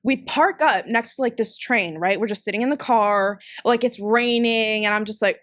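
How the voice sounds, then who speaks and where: A young woman from Peru, a podcast guest, telling a story in casual chat, animated and swearing freely as she acts out what she said back then. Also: medium pitch, moderate pace, few pauses. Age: young adult. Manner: animated, swears freely, acts out her own past lines.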